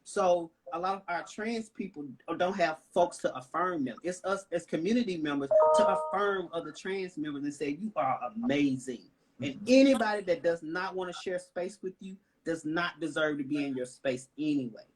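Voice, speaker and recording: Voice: medium pitch, moderate pace, background noise. A panelist with a Southern US accent speaks with emphasis in a panel discussion, often asking "right?" and "you know?". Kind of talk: impassioned panel talk.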